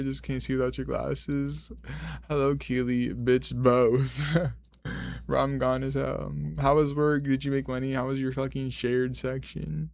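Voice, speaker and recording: A young man streaming, chatting loosely with his chat while high and half asleep, sassy and swearing as he rambles. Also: gravelly, no room sound, studio quality. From Mexican heritage. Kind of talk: casual stream chat reading comments.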